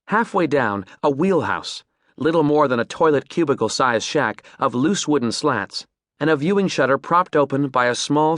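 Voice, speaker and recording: A man reading an audiobook as narrator, in measured, descriptive storytelling. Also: medium pitch, a bit bright, dry recording, studio quality. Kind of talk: scripted narration.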